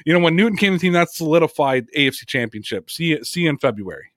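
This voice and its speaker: A man leads a casual sports podcast, pressing his points with emphatic repetition. His voice sits on the higher side. The sound is dry and close, with little room. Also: animated, quick pace, fairly bright tone, dry recording. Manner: emphatic, talkative, reads chat comments aloud. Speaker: podcast host.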